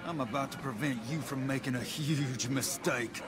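An actor playing a defiant, hostile gang lieutenant in a video game. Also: male voice, medium pitch, fairly even intonation, normal speed, noisy background, close to an everyday voice.

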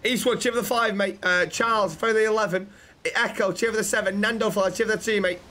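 A man's voice: sits high, fairly even intonation, quick pace, pushed and bright. A man streaming a roleplay game, chatting casually with other players and thanking viewers. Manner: laid-back, chats with viewers, thanks subscribers. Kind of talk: casual gaming chat and roleplay.

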